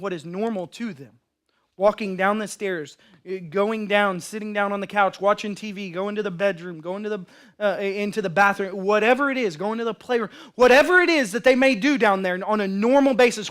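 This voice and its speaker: Male pastor, sermon, high-pitched voice, impassioned, loud then hushed. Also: fairly quick. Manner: storytelling with acted quotes.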